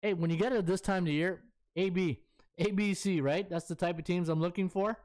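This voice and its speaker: A man's voice: high-pitched, steady tone, a little fast, noisy background. A middle-aged man, a sports betting handicapper chatting casually on a live stream and thinking aloud as he scrolls through stats.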